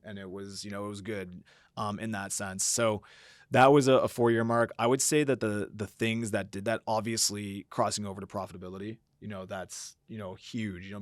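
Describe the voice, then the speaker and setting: A man with a voice on the low side, recorded dry at studio quality, is a podcast guest who founded a company. Over a reflective, conversational interview he ponders at length, with frequent fillers, and dramatizes his own quoted thoughts.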